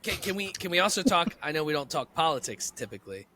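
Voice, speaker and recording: A man's voice: fairly high pitch, big pitch swings, fast talker, background noise. A man co-hosting a podcast, rambling and joking with lots of filler words. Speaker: podcast co-host. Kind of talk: casual chat.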